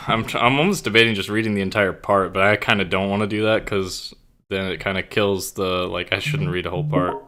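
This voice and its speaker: A man's voice: low voice, sharp tone. A man streaming live, chatting casually and reading his own story aloud, rambling and self-conscious, with plenty of swearing.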